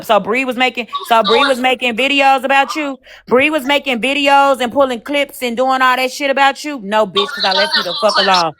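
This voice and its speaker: A woman's voice: high voice, normal speed, few pauses, a bit bright. A woman arguing on a livestream, defensive and profane, repeating her points over and over. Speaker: livestream participant. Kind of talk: heated livestream argument.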